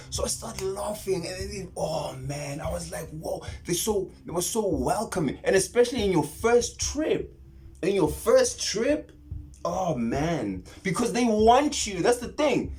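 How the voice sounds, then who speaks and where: A man's voice: on the high side, normal speed. Man rambling through a vivid story. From South Africa. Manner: rambling, animated retelling with whispered asides and many restarts. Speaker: spiritual vlogger. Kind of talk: casual storytelling monologue.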